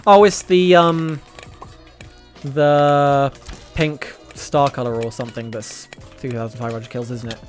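A British man streaming a game live, talking in a rambling, sarcastic way with sudden excited outbursts. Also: mid-range voice, unhurried, soft background music. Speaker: gaming streamer. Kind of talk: casual live gameplay commentary.

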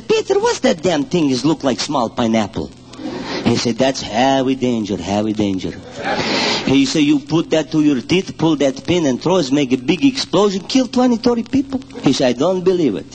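A man's voice: fairly high pitch, brisk. A man telling comic stories in broken English with a Ukrainian-Canadian accent. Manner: broken English, lively storyteller's delivery. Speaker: stand-up comedian. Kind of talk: comic storytelling in a character voice. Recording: hissy 1978 live comedy album.

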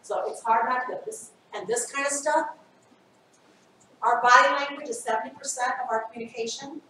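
Woman, 50s, workshop presenter, lively and acts out examples; slightly high voice, recorded from far off in an echoey room. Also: brisk, slight background noise. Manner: animated, acts out scenarios. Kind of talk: training workshop talk. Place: school training room.

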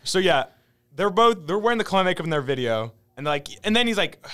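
Smooth-voiced young podcast co-host. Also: male voice, a little fast. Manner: rambling, animated, acts out quotes in a high voice. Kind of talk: casual chat.

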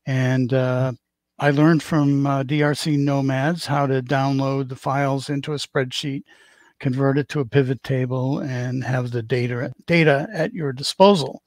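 A man's voice: mid-range voice, fairly even intonation, unhurried, darkish tone, no room sound. Older man with a Boston accent. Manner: rambling, joking storyteller. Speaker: guest. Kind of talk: casual chat on a stream.

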